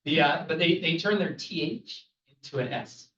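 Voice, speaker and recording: A Canadian travel lecturer gives a lively classroom talk, chatting, joking and putting questions to the audience. His fairly high voice is animated and a bit bright, at a moderate pace with few pauses. The recording is echoey, muffled and distant.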